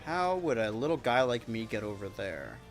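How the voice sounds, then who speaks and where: A man streaming a kart racing game, rambling and joking to his chat with sudden excited yelps. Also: medium pitch, moderate pace, faint music behind. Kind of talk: live-streamed gameplay commentary.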